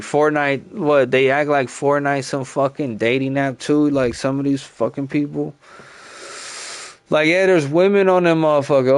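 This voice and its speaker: Gravelly-voiced man ranting in slang. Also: medium pitch, a little mellow, no room sound. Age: 30s. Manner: profane, slangy, drawling, repeats filler phrases. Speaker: gaming streamer. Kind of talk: casual rambling rant.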